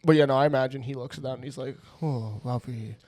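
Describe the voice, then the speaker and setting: A man's voice: mid-range voice, level tone, rapid-fire, darkish tone. A man co-hosting a casual podcast, rambling and egging his partner on. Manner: rambling, laughing along, egging on. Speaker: podcast co-host.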